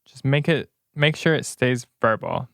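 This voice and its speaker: Young man co-host, laid-back and laughing, gravelly fry, dry close sound. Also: mid-range voice, a bit bright, no room sound. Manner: laughs often, quick agreeing interjections. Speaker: podcast co-host. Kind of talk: casual chat.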